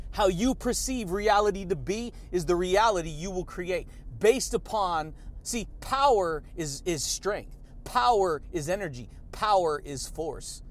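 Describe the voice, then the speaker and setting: Male podcast host, high-pitched, pumped-up motivational rant full of slang. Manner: hyped, exuberant, laughs between points; slangy, repeats catchphrases.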